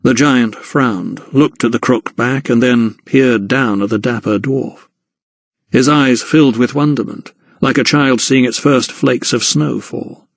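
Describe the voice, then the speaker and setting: This audiobook features a man narrating a script in a steady, measured way at a middling pitch, with a creaky quality to his voice. The recording is dry and close, with no echo or room sound at all.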